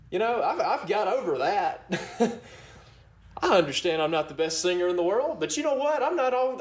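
Here a middle-aged pastor gives his sermon casually, chuckling often and repeatedly asking "you know what?" His voice is high-pitched, heard in an echoey room.

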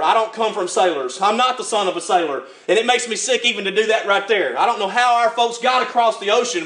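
An older man preaching a sermon, telling the story with lively acted-out voices and frequent chuckles. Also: extremely high pitch. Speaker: pastor.

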